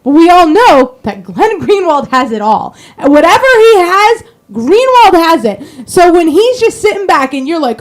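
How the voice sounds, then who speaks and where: Female co-host with a high voice who argues point by point. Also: sing-song, moderate pace, few pauses. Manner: argumentative, reasoning point by point. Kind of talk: political talk show.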